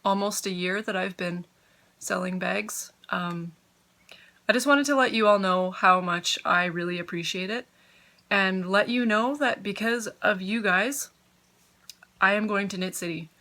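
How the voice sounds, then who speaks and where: Casting: bright, chatty woman in her thirties, grateful and rambling, knitting vlogger at home. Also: medium pitch, a little slow. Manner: chatty, grateful, easily sidetracked; talks with her mouth full. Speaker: knitting podcaster. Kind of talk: casual chat to camera.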